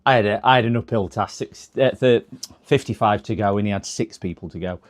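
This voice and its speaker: A man's voice: lowish voice, brisk, very noisy. A man hosting a live repair stream, chatting casually and rambling with lots of fillers from his workshop.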